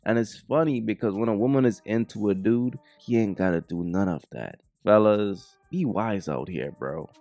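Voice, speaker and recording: A man's voice: fairly low pitch, normal speed, few pauses, darkish tone, dry recording, faint music behind. A man reacting to video clips, preaching bluntly to the fellas. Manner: preachy, addresses the fellas directly. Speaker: reaction commentator. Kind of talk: commentary on clips.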